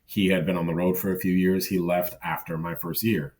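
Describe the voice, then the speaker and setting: A man's voice: low voice, little pitch movement, a little fast, a little mellow, recorded from a distance. A man who works as a circus clown, a guest on a podcast, telling stories in a rambling, self-deprecating way. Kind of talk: casual podcast conversation.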